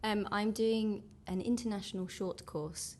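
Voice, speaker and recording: A woman's voice: mid-range voice, measured pace, a little mellow. A woman in her thirties from England with an Essex accent, chatting casually as a guest in an interview. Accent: Essex English. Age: 30s.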